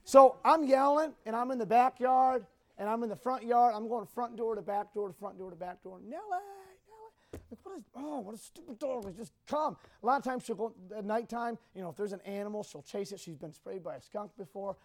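A man speaking to a group, telling a personal story in a rambling, halting, emotional way. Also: high-pitched.

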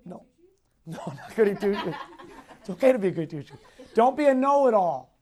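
This youth Bible teacher is a man with a high-sitting, sing-song, mellow voice and a fairly quick delivery. Teaching his Sunday school class, he repeats important points, asks questions, and often chuckles as he relates personal experiences.

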